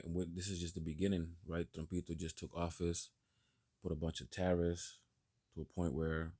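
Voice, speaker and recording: A man teaching a religious lesson, greeting his congregation and commenting in a measured way. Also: sits low, warm tone. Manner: measured, with "you know" and "right?" fillers. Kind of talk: sermon-like commentary.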